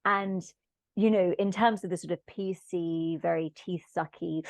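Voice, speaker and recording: Woman, podcast guest, reflective, low gravelly voice, dry close sound. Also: fairly even intonation, a little slow, darkish tone, dry recording. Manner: reflective, searching for words. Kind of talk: thoughtful conversational discussion.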